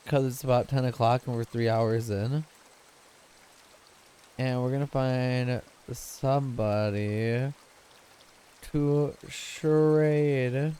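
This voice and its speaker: Excitable young man with a mellow voice. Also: medium pitch, slight background noise. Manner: excitable and profane, fast repetitive rants. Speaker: streamer. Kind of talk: casual live-stream commentary while reading a visual novel.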